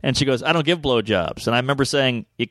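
A man telling a crude story in casual chat, animated and acting out the voices of the people in it. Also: medium pitch, fast, dry recording. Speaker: comedian guest.

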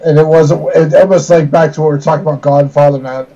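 A man's voice: on the high side, steady tone, fast, dark tone. A man on a casual podcast panel, talking bluntly and dismissively. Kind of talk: casual chat. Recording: dull lo-fi mic.

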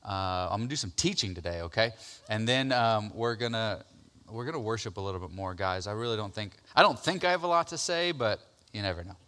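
A male pastor in his thirties, with a clean, somewhat low voice that moves a little fast, tells his personal testimony in a conversational sermon. He's full of fillers and repeated words, growing loud and excited as the retelling goes on.

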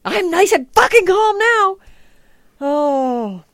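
A woman's voice: very high-pitched, big pitch swings, takes it slowly, fairly bright tone, no echo. A woman hosting a podcast, chatting casually and ranting with lots of swearing. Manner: profane, ranting, exasperated. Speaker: podcast host. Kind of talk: casual chat.

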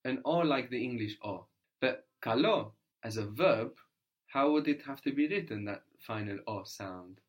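A man's voice: mid-range voice, lively intonation, normal speed. A man teaching a spoken language lesson, patiently prompting his student and repeating the answers back.

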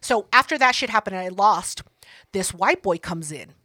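Bright-voiced woman telling a profane story. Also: mid-range voice, expressive, normal speed, no room sound, studio quality. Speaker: podcast co-host. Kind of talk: casual chat.

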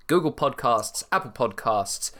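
A man's voice: medium pitch, lively intonation, a little slow, fairly bright tone. A man hosting a wrestling podcast with a casual chat style and a theatrical, upbeat way of opening the show. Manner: upbeat, theatrical intro delivery. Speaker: podcast host.

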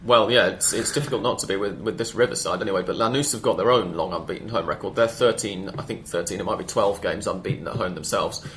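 A man's voice: lowish voice, quick pace, few pauses, fairly bright tone, a little hiss or hum. A man hosting a casual football podcast, rambling and correcting himself as he reels off stats. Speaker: podcast host.

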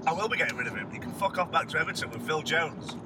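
Male co-host, animated and sweary, recorded in a car with road noise. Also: fairly high pitch, very fast. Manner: animated, swearing, mock-outraged rants. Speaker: podcast co-host. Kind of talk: casual banter about a football management game. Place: inside a moving car.

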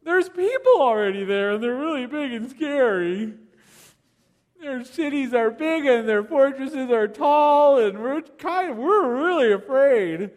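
Scared spies, grown soldiers gone whiny and panicky, as a man preaching puts them on, high-pitched, in a hall with long reverb. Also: big pitch swings, fairly quick, hardly any pauses, fairly bright tone, full character voice.

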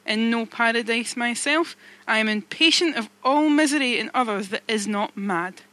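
A brooding, obsessed old sea captain voiced by a woman reading a novel aloud, declaiming in archaic speech with a bright, ringing tone. The voice stays raised and pressing. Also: a little high, moderate pace, no echo, close to an everyday voice. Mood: impatient.

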